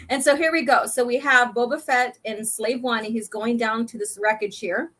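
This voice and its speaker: A woman's voice: a little high, steady tone, normal speed, a bit bright. A woman hosting a casual chat, reading a comic aloud, chatty and giggly. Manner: giggly, chatty, reads dialogue in voices. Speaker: podcast host.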